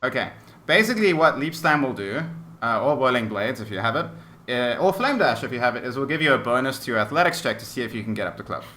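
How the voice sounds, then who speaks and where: A man's voice: mid-range voice, sing-song, fast, bright, forceful tone. A man narrating a tabletop game as game master, descriptive and full of fillers. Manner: descriptive, hesitant with many fillers.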